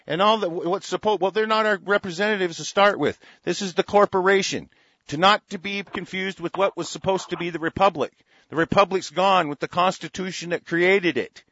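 A man's voice: high-pitched, a bit bright, no room sound, highs cut off. A middle-aged man ranting angrily about politics, swearing constantly and stumbling over restarts. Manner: angry, profane, stammering restarts. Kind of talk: profane political rant.

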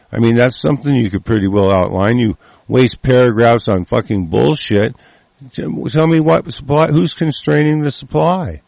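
A political ranter with a gravelly, darkish, mid-range voice reads a news article in an angry, profane rant, breaking off with stammering restarts. There's no room sound.

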